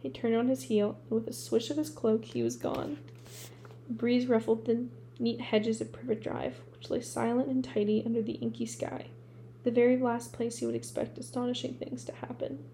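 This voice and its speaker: A woman reads a storybook aloud in a steady, unhurried way, sometimes stopping to restart a word. Her voice sits a touch high, with a mellow warmth and a gravelly texture, and a faint hum runs behind her. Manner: steady reading with occasional restarts. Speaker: audiobook reader.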